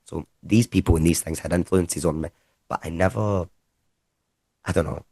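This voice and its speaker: A Scottish comedian with a very low voice, talking about his career in loose, lively anecdotes. His speech is casual and peppered with swearing. The sound is close and dry, with no room echo. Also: moderate pace, breathy edge. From Scotland. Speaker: comedian guest. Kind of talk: casual conversational storytelling.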